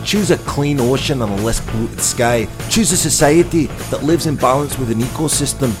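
A man's voice: mid-range voice, expressive, normal speed, over music, natural voice. A man putting on a Scottish accent, delivering a punchy, repetitive rant in the style of a film monologue. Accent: Scottish, put on. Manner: declamatory, punchy repeated slogans.

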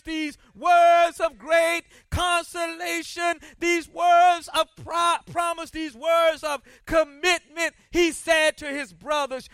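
A pastor with a very high, bright, sharp voice preaches slowly and deliberately, dropping to near whispers for scripture before rising into shouted, repeated questions. The recording is dry and close, with no room sound. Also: male voice, no room sound. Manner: preaching with dramatic swings from soft to shouted. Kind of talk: sermon.

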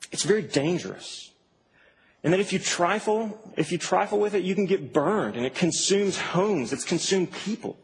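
A man delivers a conversational, animated sermon in a church hall, full of asides. His voice sits fairly high for a man. The long reverb of the hall and a faint background hum surround him. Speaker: preacher.

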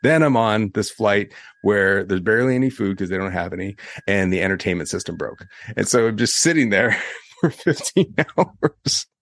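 A young man co-hosting a podcast, telling a story in a casual, animated way and acting out the quotes. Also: fairly low pitch, moderate pace, no room sound. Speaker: podcast co-host.

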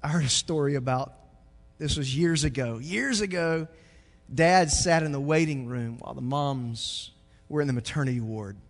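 Pastor guy preaching, kinda high voice, loud then soft, big echoey church. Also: normal speed. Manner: swings from quiet to loud, joking asides. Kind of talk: sermon.

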